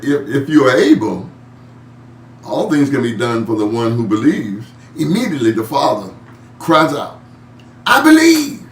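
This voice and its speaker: A man's voice: mid-range voice, vocal fry, darkish tone. A man teaching a Bible study in a loose, conversational way. He chuckles often, repeats words as he looks for his point, and reads scripture aloud before commenting on it. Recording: echoey room, mic at a distance, faint hum.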